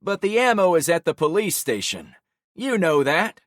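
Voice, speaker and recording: A man voicing a pushy, suspicious male store boss with a thick Florida drawl, talking in loud, pressing questions. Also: high voice, sing-song, moderate pace, no echo, studio quality, pitched above the performer's own voice. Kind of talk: audiobook character voice.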